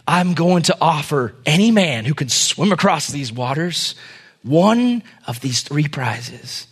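A man voicing a wealthy old Texas oil tycoon who speaks in a slow, grand drawl. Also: fairly high pitch, sing-song, husky, pitched below the performer's own voice, heavily acted.

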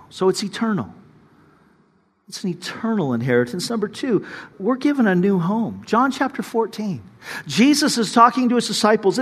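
High-voiced male pastor preaching in a hall. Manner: conversational preaching with many asides, swelling louder at high points. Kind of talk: sermon.

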